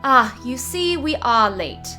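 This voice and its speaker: A woman's voice: very animated, takes it slowly, bright, forceful tone, soft background music, heavily acted. A woman voicing an elegant noblewoman who speaks in a refined, composed, mildly scolding way. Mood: poised. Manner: high-born, refined and scolding.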